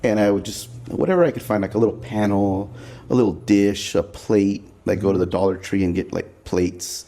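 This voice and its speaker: A man as a podcast guest, telling his story in a loose, chatty way and acting out the people he quotes. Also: normal speed. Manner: animated, acts out quoted people with jumps in pitch; loose and chatty, many "like" fillers. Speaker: podcast guest, pinstripe artist. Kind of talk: casual storytelling conversation.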